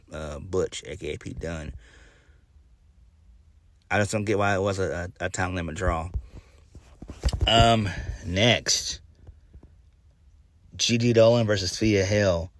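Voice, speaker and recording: A wrestling reviewer with a deep voice gives a casual spoken review, rambling through plenty of fillers and restarts. He's blunt and swears occasionally, and there's no echo on the recording.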